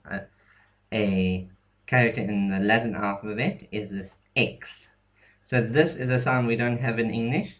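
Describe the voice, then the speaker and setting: A man's voice: fairly low pitch, a bit bright. A young man explaining an alphabet in a casual lesson, hesitant, with many ums and restarts. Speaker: language teacher.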